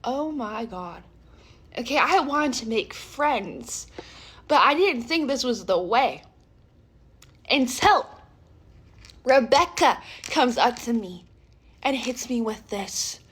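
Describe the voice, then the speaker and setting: A woman's voice: fairly high pitch, slow, pauses often, slightly rough. Sassy woman telling a story. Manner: sassy, animated. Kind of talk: storytime vlog.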